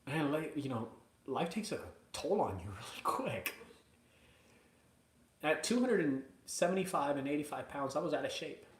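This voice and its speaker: A man hosting a live video from his mother's house, chatting casually and excitedly to viewers, rambling between hype and emotion. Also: fairly high pitch, normal speed, roomy sound. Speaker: junk removal business owner hosting a live video.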